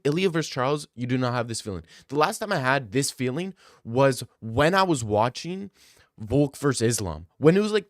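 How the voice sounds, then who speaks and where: An excitable young man chatting with his stream audience in a medium-pitched voice, firing out quick bursts and doubling back on his words. The mic is close and dry, with no room echo. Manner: excitable, fast bursts, repeats himself. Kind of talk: casual chat with viewers.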